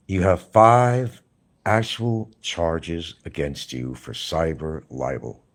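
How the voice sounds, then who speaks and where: A man's voice: low-pitched, slow pace. A man hosting a live stream, talking casually in a blunt, mocking way to his viewers. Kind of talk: casual livestream monologue.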